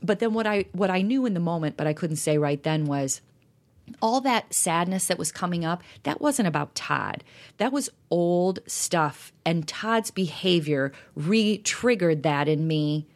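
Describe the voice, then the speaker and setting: A woman's voice: lowish voice, animated, a little slow. A middle-aged woman co-hosting a talk show, speaking earnestly and openly about her marriage in casual chat. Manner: earnest, reflective, open. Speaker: podcast co-host.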